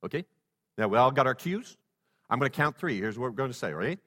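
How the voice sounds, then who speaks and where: Bright-voiced preacher in a reverberant hall. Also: male voice, mid-range voice, lively intonation, quick pace. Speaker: pastor. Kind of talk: sermon. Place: church sanctuary.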